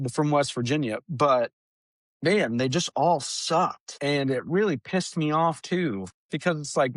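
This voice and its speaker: A young man hosting a podcast, telling rambling, profane stories about his trucking job in a casual, animated way. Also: a little high, no echo, clean studio sound. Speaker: podcast host. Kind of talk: casual storytelling chat.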